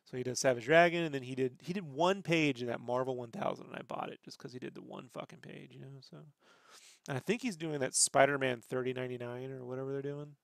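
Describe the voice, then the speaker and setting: A man hosting a casual podcast chat tells rambling, swear-filled stories. His mid-range voice is fast and creaky, captured in clean studio sound with no echo.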